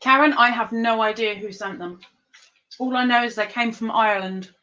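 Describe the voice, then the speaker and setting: Lady streamer, high and bright, slow and chatty, munching while she talks, dull lo-fi audio. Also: fairly even intonation. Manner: chatty, talks with her mouth full while eating. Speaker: streamer hosting an online board game. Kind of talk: casual live-stream chat.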